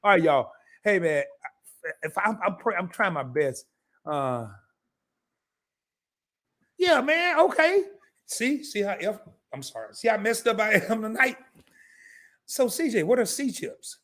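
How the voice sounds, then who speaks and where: A hoarse man hosting a live interview stream, joking around in a loud, slangy, animated way. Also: sits high, moderate pace. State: hoarse from laryngitis. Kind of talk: casual live-stream chat.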